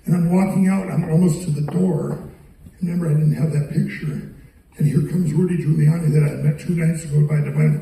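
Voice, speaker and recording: A high-pitched man with a dark, mellow tone tells stories to a crowd. He rambles, doubles back on his words, and acts out what others said. His voice carries from a distance through a very echoey hall. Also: moderate pace, gravelly, slight background noise. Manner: rambling, quotes people, repeats words. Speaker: public speaker. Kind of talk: storytelling speech to an audience. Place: arts center hall.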